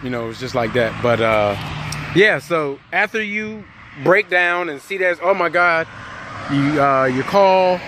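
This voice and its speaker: A man's voice: fairly high pitch, animated, a little slow, background noise. A man who drives a truck, talking casually and jokingly into his phone outdoors, rambling. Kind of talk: casual vlog monologue. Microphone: phone held by hand.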